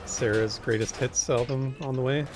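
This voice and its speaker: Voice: mid-range voice, steady tone, moderate pace, faint music behind. A player in an online group, laughing often and teasing the others in casual chat. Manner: giggly, teasing banter. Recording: home mic with audible background noise.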